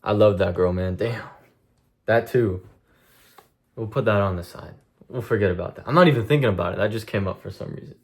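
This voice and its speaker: A man's voice: on the low side, a little fast, gravelly, pauses often. A young man streaming a blunt, profane monologue to his chat, venting intensely about discipline and cutting things out. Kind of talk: casual vlog monologue to chat.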